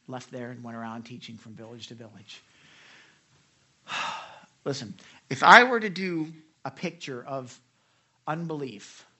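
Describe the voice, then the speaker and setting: In an energetic devotional message, this preacher recounts scripture, often restarting his phrases and addressing the congregation with direct questions. The voice is mid-range.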